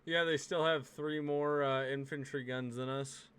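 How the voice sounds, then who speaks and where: Male podcast host, casual and profane, clean smooth tone. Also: medium pitch, fairly even intonation, measured pace, fairly bright tone. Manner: laid-back, swears freely. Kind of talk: casual gaming podcast chat.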